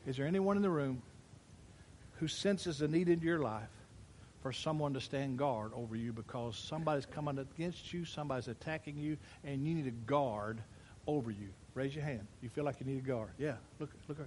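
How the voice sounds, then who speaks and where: A pastor preaching a sermon, swinging between loud emphatic declarations and quiet asides while addressing his congregation in church. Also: medium pitch, normal speed, a little hiss or hum.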